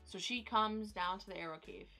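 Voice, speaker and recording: A young woman vlogger, recorded at home on her phone camera, rants at normal speed with a medium pitch and a sharp tone. She's exasperated, repeats herself, and fills her speech with "like," while soft background music plays.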